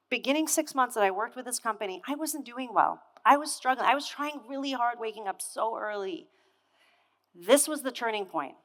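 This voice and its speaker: A woman's voice: medium pitch, bright, forceful tone. A woman in her thirties giving a motivational keynote on stage, telling a story with energy and putting questions straight to the audience. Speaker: keynote speaker. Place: conference hall stage. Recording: echoey hall with long reverb.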